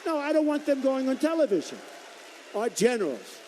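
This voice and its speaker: A man in his sixties delivers a campaign rally speech, his fairly high voice swinging widely in pitch. He talks in a repetitive, boastful, conversational way, and his mellow tone rings out with long reverb in a big hall. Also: big pitch swings, normal speed, slight background noise. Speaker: political candidate at a rally. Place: large performing arts hall.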